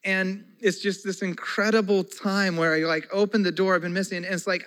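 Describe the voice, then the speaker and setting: A man in his forties preaching a conversational sermon as a pastor, moving between soft, slow passages and loud, excited ones. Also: sits high, rough recording.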